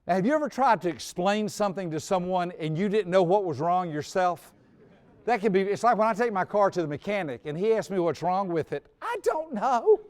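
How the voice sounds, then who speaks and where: A man's voice: high voice, fairly quick, a little mellow. A man in his sixties telling a personal story on stage before an audience, folksy and humorous, sometimes repeating his words. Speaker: speaker on personality types.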